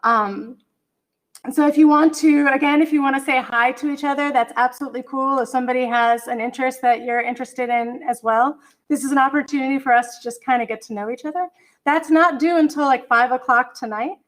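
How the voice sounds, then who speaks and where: Her voice high and steady and her pace a little fast, a middle-aged woman runs an online college English class via a computer mic on a video call. She apologizes, chats freely, and hums while hunting down files.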